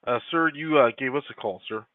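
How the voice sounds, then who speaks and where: A man's voice: medium pitch, fairly quick, dry recording. A man working as a call center agent, politely answering a caller and calling him sir. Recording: tinny phone line.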